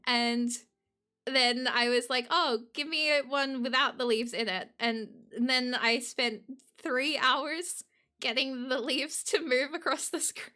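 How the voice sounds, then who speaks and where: A giggly woman streamer chats casually with her live audience, her voice high and bright. She talks at an easy, unhurried pace and bursts into excited laughter.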